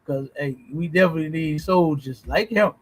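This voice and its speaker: Blunt high-voiced man, preachy commentary. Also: moderate pace, low-quality recording. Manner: blunt, preachy, swears, asks "you understand?". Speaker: host reacting to clips. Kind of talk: casual commentary on a livestream.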